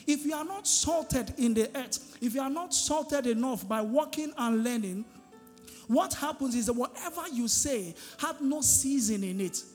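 A man's voice: very high voice, lively intonation, moderate pace, darkish tone. A man preaching a sermon as pastor, emphatic and drawing responses from the congregation. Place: large church hall. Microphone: handheld microphone. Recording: long hall reverb, faint music.

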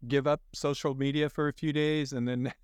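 A man's voice: medium pitch, flat delivery, moderate pace, darkish tone, smooth, no room sound. A man hosting a casual interview, encouraging, with frequent murmured agreement. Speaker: interviewer, host.

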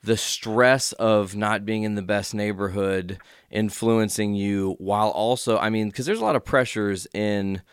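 A man's voice: lowish voice, steady tone, measured pace, hardly any pauses, smooth, no room sound, studio quality. A man interviewing a guest, prompting him with short, encouraging replies. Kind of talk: casual interview.

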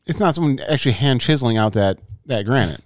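A man's voice: medium pitch, expressive, fast talker, no room sound, clean studio sound. A man co-hosting a podcast in casual chat, easygoing and amused, often restarting his sentences. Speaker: podcast co-host.

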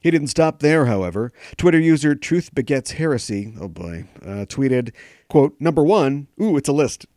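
A man's voice: medium pitch, expressive, normal speed, warm tone, no echo, studio quality. Sarcastic man hosting a comedy podcast. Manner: sarcastic, jokey asides. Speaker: podcast host.

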